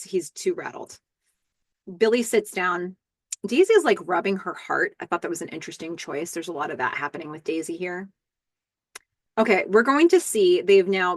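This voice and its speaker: A chatty woman hosts a casual recap podcast with a slightly low voice. She walks through each scene step by step, dropping in little fillers as she goes. The sound is dry and close, with no room around it. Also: dry recording. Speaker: podcast host.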